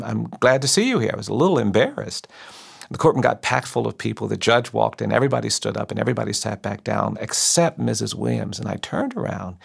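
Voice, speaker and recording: A man, a civil rights lawyer, telling a story slowly and deliberately with measured pauses. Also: medium pitch, gravelly, slightly rough. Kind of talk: storytelling speech.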